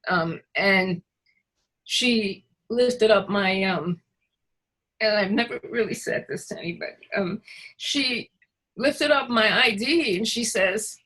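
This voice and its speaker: A woman's voice: medium pitch, a bit bright, poor audio. Hesitant woman recalling her past. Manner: hesitant, many pauses and fillers. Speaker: recovery worker recounting her experience. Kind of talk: personal storytelling in a conversation.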